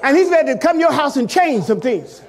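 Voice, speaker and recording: A man preaching a sermon as pastor, calling out to the congregation and swinging between loud shouts and hushed, quiet passages. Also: extremely high pitch, big pitch swings, quick pace.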